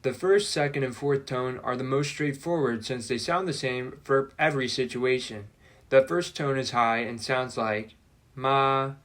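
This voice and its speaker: A man presenting a scripted language lesson, speaking in a clear, deliberate teaching manner with dry jokes. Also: medium pitch, a bit bright. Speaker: language-learning video presenter.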